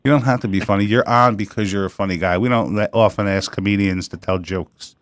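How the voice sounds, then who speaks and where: A man in his forties hosting a radio comedy interview show, talking casually in a flat, monotone way. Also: fairly low pitch, a little fast, no echo, studio quality. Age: 40s.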